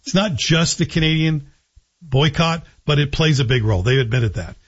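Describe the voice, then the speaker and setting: A man's voice: a little high, moderate pace, husky, dull audio. A man hosting a talk radio show, giving sardonic, opinionated commentary. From Scotland.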